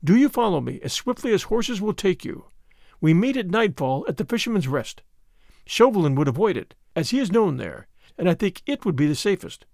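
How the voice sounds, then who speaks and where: A man's voice: high-pitched, big pitch swings, a little fast, vocal fry, a little mellow, no echo, studio quality, heavily acted. A man voicing a desperate noble lady who pleads earnestly for help. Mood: resolute. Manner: pleading, urgent.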